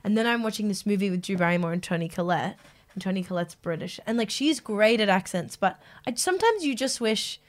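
A woman's voice: mid-range voice, lively intonation, fairly quick. A young woman co-hosting a podcast, emphatic and opinionated in casual chat. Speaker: podcast co-host.

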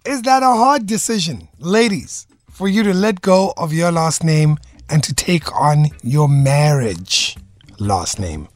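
Lively high-voiced male radio host. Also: measured pace, dry recording. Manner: animated, playful, quizzing co-hosts. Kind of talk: casual radio chat.

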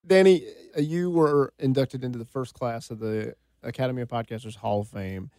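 A man's voice: medium pitch, normal speed, darkish tone, dry recording. Man asking interview questions, dry sound.

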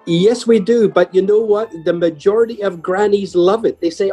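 An older man, a guest musician, telling humorous stories in a chatty, lively way. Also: high voice, moderate pace, few pauses, faint music behind, low-quality recording. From Ireland. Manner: chatty, humorous anecdotes with lively voiced quotes. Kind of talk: conversational storytelling.

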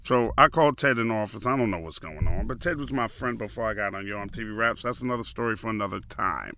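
A man in his fifties hosting a podcast, telling a story in a loose, animated way with slang. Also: fairly low pitch, fast talker, slight background noise. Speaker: podcast host. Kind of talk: casual storytelling.

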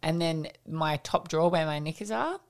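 A middle-aged woman, co-hosting a podcast and telling an animated anecdote in casual chat. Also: low-pitched, normal speed, vocal fry. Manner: animated anecdote telling, acts out quoted voices. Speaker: podcast co-host.

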